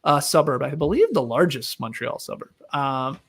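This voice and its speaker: A man's voice: a little high, big pitch swings, moderate pace, a bit bright. A man hosting a casual sports chat, joking and reeling off trivia. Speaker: podcast host.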